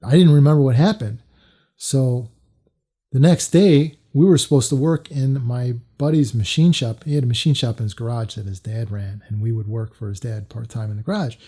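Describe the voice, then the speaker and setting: A man's voice: medium pitch, normal speed, warm tone, breathy edge. A man telling a personal story to camera in a loose, casual way, full of fillers and restarts. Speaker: storytelling vlogger.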